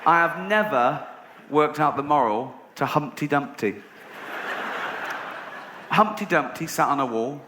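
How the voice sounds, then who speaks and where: A man's voice: on the high side, a little slow, pauses often. English man doing stand-up over audience noise. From England. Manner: storytelling, deadpan then rising to incredulous rants. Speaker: stand-up comedian. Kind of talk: stand-up comedy routine. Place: theatre stage with a laughing audience. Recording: noisy live venue recording.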